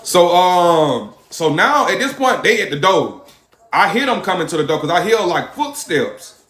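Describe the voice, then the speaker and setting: A man livestreaming, telling a story in an animated, profane way and thanking viewers for their gifts. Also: sits high, unhurried. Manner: animated, profane storytelling, shouting when worked up. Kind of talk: live-stream storytelling. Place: a hot room. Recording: roomy echo.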